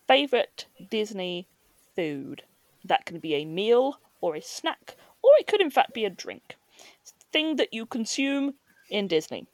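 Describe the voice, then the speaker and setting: A woman hosting a podcast, chatting casually with quick asides and frequent laughs. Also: medium pitch, sing-song, no room sound. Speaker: podcast host. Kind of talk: casual chat.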